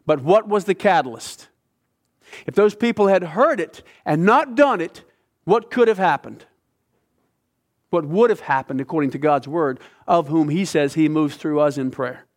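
A middle-aged male pastor preaching a sermon, telling a story with passion and dropping from loud to hushed. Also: a little high, lively intonation, moderate pace.

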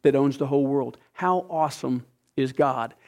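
A man preaching a sermon, retelling a scripture story with lively asides. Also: mid-range voice, normal speed. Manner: animated storytelling, acting out characters. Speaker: pastor.

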